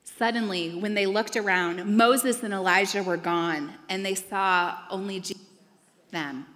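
A woman's voice: medium pitch, unhurried, a bit bright. A woman reading a scripture passage aloud in a church service. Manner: clear narrative reading. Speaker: scripture reader. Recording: long church reverb.

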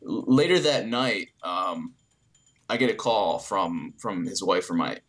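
A man's voice: low voice, a little slow. Rambling young man telling stories. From New Jersey, US. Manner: relaxed storytelling, frequent fillers and restarts. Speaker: interview guest, YouTube creator. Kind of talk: casual interview answers.

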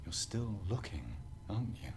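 An actor with a Hollywood-style British accent playing a measured, persuasive corporate agent in a video game, heard over noisy game audio. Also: male voice, lowish voice, sing-song. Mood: calm. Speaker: game character.

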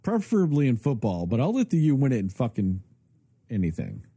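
A husky, medium-pitched man talks a little fast with no echo around him. He's co-hosting a podcast, chatting casually while ranting and swearing constantly in an animated, profane way.

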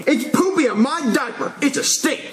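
A man's voice: very high-pitched, expressive, moderate pace, a loud crowd. A man voicing a bratty little boy in diapers who whines in a childish way and giggles. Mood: whiny. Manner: whiny, childish, breaks into giggles.

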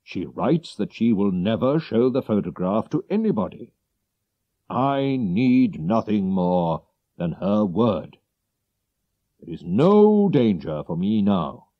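A man voicing an excitable king in a storybook reading, exclaiming emphatically. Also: on the low side, slow, no room sound, muffled recording, full character voice. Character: excitable, grateful middle-aged male king.

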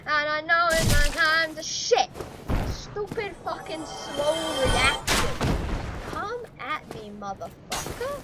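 High-voiced swearing woman gamer. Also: lively intonation, takes it slowly, over loud music. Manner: profane, ranting, bursts into shouting. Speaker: gaming YouTuber. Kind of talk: let's play commentary. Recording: noisy recording.

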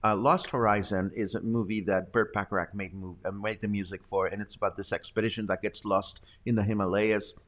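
A man's voice: on the low side, little pitch movement, brisk, few pauses, a bit bright. Chatty man hosting a news livestream. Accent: Mexican. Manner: chatty, prone to laughing fits. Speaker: host. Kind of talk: casual livestream chat.

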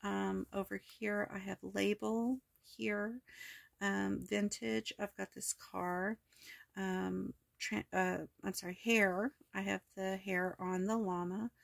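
Hoarse, gravelly-voiced woman crafting. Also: medium pitch, little pitch movement, takes it slowly, dry recording. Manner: chatty, rambling, many ums and self-corrections. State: hoarse, voice cracking. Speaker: crafting video host. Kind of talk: casual crafting walkthrough.

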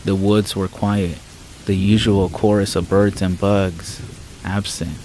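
A man narrating a first-person horror story in a measured, somber way. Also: low voice, little pitch movement, darkish tone, slight background noise, poor audio. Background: faint rain sounds.

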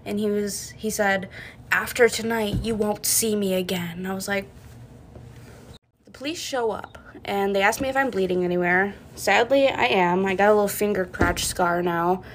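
A woman's voice: medium pitch, moderate pace, slight background noise. Blunt young woman telling a story. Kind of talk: casual storytime to camera.

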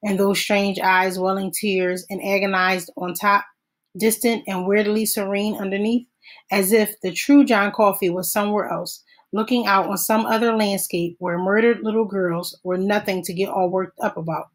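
Woman narrator, measured steady audiobook reading. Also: mid-range voice, rough recording. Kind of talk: audiobook read-aloud.

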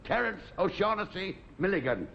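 An actor with an Irish accent playing a jovial old Irish tramp who chats in a gravelly sing-song way, on a dull 1970s TV recording. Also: male voice, high voice, sing-song, moderate pace, full character voice. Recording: dull 1970s TV sound with faint noise.

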